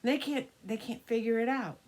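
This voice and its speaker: A grandmother improvises a children's story, speaking animatedly at normal speed in a fairly high voice and sometimes dropping into hushed whispers.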